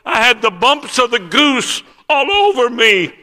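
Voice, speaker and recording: A man's voice: high voice, lively intonation, sharp tone, voice pushed up. A preacher putting on a frantic older man in broken English. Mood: awed, tearful. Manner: urgent, breathless, fast-talking. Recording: long church hall reverb.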